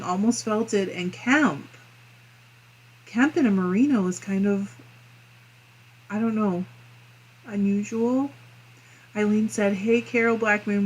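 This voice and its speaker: A woman's voice: mid-range voice, slightly rough. A woman hosting a casual crafting livestream, reading viewer comments aloud and giggling often between them. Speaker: fiber arts channel host.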